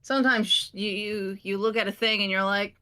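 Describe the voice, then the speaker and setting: A woman's voice: mid-range voice, fairly even intonation, fairly quick, sharp tone, smooth. Laid-back wry woman from Michigan. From United States, Michigan. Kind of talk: casual chat.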